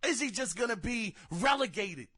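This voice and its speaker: High, bright-voiced man ranting slowly. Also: expressive, husky. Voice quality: exasperated, theatrical rants with shouted outbursts. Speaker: podcast host. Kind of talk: casual gaming commentary.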